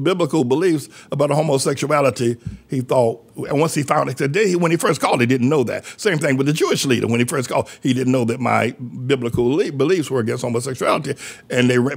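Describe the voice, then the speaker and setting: A man's voice: medium pitch, creaky, breathy edge. An older man, a pastor, telling a story from the pulpit and acting out the people who phoned him. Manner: animated, acts out quoted callers in his own voice. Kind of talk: preaching storytelling.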